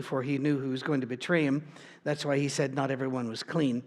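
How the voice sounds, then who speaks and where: A man's voice: medium pitch, level tone, brisk, darkish tone. A male pastor preaching a sermon in a plain, informal storytelling way, with frequent restarts and asides.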